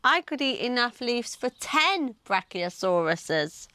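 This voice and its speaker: A woman's voice: on the high side, very animated, slow pace, pushed and bright, dry recording, full character voice. A woman voicing a timid, grumpy male dinosaur who complains a lot, in a storybook reading. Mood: grumbling. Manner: whiny, complaining.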